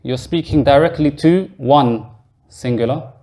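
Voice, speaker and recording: A man with a warm, mid-range voice and a slightly slow pace teaches a grammar lesson in a mosque classroom. As an Arabic teacher, he explains things patiently, one step at a time, and quizzes his students.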